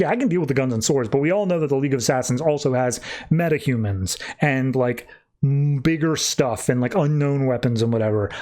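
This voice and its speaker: A man at a mid-range pitch runs through a comic's plot in a relaxed podcast voice. He talks loosely, leans on filler words and drops into quick paraphrases of the characters as he goes. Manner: loose, chatty retelling peppered with "like". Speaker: podcast host. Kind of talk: casual comic book recap.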